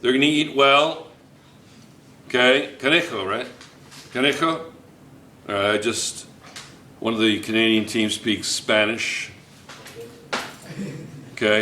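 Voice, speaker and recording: A man's voice: medium pitch, a little slow, pauses often, pushed and bright, roomy sound, a little hiss or hum. A man teaching a chemistry class, playful and joking, repeating phrases to his students. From United States.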